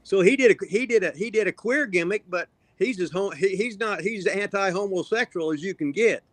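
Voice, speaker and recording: A man's voice: high voice, a little fast, no room sound. Blunt man in his seventies. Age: 70s. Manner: blunt, profane, laughing. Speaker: guest. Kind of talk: casual chat.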